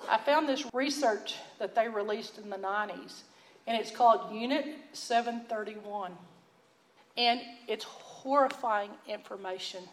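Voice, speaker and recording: A woman with a Texan accent, teaching a sermon in a folksy, earnest storytelling way that drops to a hush for emphasis. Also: medium pitch, measured pace, echoey room, low-quality recording. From Texas. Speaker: Bible teacher.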